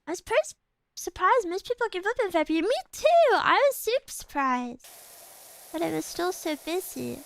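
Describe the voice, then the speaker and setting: A woman's voice: extremely high pitch, big pitch swings, fairly quick, creaky, fairly bright tone, poor audio. A woman streamer chatting casually with her viewers while playing a game, bubbly and giggly. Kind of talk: casual chat while gaming.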